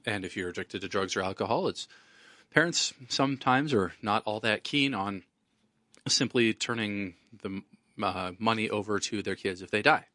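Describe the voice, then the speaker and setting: A man's voice: lowish voice, normal speed, pushed and bright, no room sound, studio quality. A man with hiccups hosting a radio talk show as an estate attorney, talking in a rambling, conversational way.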